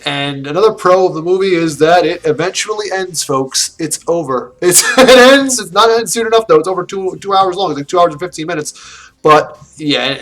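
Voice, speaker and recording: Male film reviewer, slightly higher voice, loose rambling delivery full of swearing and fillers. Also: fairly bright tone. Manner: rambling, profane, laughing, with many restarts and fillers. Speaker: movie reviewer. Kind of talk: casual film review rant.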